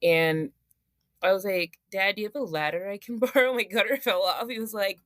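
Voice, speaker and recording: A young woman co-hosting a podcast, telling animated stories with frequent laughter and swearing. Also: mid-range voice, a little fast, no echo. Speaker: podcast co-host. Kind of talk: casual chat.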